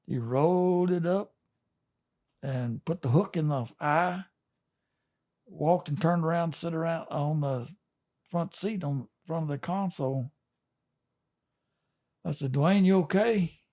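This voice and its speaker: An older man tells a long fishing yarn in a relaxed, folksy way, chuckling between the details. His voice sits a little higher than most men's. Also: slow pace, long pauses. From Texas. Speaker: fishing captain and guest. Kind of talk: casual storytelling.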